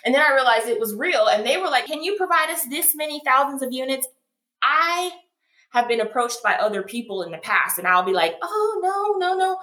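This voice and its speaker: Lively woman acting out quotes while she talks, echoey room, bright tone. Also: high voice, fairly quick. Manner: animated storytelling, acting out quoted dialogue. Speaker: guest, founder of a foot care brand. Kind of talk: casual interview conversation.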